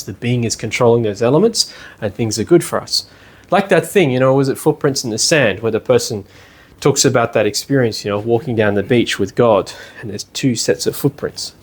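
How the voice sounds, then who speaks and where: Man, lecturer, casual classroom talk, conversational, mid-pitched voice, checks in with listeners. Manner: conversational, often checks in with "yeah?" and "you know". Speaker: lecturer at a spiritual study centre. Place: indoor classroom.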